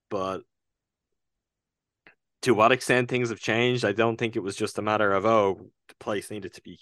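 Very deep-voiced Irish man. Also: no echo, studio quality. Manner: earnest, thoughtful retelling with soft hesitations. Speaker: podcast co-host reviewing films. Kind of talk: casual conversational film review.

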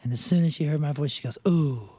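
A hoarse man on a radio morning show, losing his voice, rambling through a story and laughing often. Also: on the high side, rapid-fire, darkish tone, no echo. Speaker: radio co-host. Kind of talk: casual chat.

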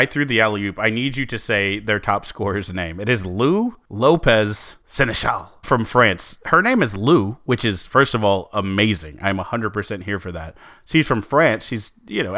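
A man's voice: on the low side, pushed and bright, dry recording, studio quality. A man co-hosting a sports podcast, chatting casually with lots of fillers and restarts. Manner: chatty, many fillers and restarts, laughs easily. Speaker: podcast co-host.

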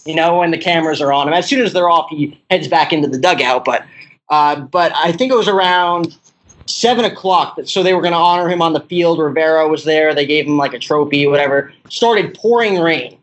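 A young man rambles through a story in casual chat, his speech peppered with "like". His voice sits a little high, and he laughs as he talks. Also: a little fast, fairly bright tone, low-quality recording. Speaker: podcast guest.

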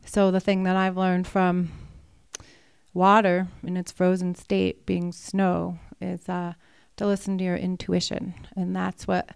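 A woman and mountain guide telling a personal story, animated and vivid, acting out her own thoughts. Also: on the low side, unhurried, gravelly, clean tone, dry recording, studio quality.

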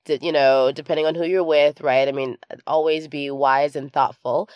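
A woman with a notably low voice co-hosts a relaxed podcast conversation. She thinks aloud, circling back and restarting her sentences, and laughs easily. Her voice is recorded close and dry, with no room sound. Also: moderate pace, clean tone, dry recording, dull audio. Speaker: podcast co-host. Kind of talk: casual chat.

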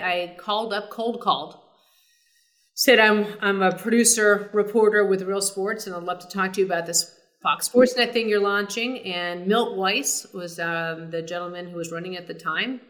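A middle-aged woman, a sportscaster guest, telling stories in a casual interview, animated and full of fillers and restarts. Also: medium pitch, normal speed.

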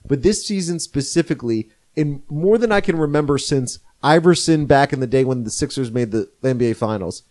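A man's voice: medium pitch, lively intonation, brisk, few pauses, darkish tone. A man co-hosting a casual sports podcast, earnest and strongly opinionated. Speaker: podcast co-host. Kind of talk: casual chat.

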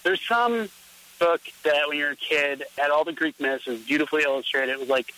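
Bright-voiced, upbeat male podcast co-host. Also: on the high side, rough recording. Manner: upbeat, quick and joking. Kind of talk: casual podcast chat.

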